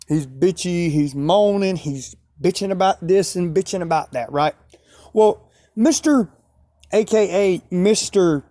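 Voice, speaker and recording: A man's voice: high-pitched, dark tone, no room sound. A man telling a rambling, repetitive story outdoors at night, with sudden emphatic rises. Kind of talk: casual storytelling vlog.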